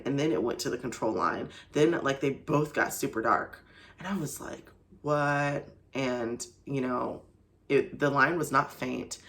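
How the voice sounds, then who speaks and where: A woman's voice: rumbling low, a bit bright. A young woman vlogger telling a personal story to camera in a casual, chatty way, full of "like" and "you know". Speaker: faith vlogger.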